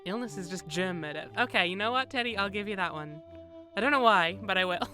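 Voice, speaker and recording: A woman's voice: medium pitch, lively intonation, fairly quick, music in the background. A young woman streamer giving casual, joking commentary while playing a game, talking to herself and to her viewers. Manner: joking, wry, talks to herself and chat.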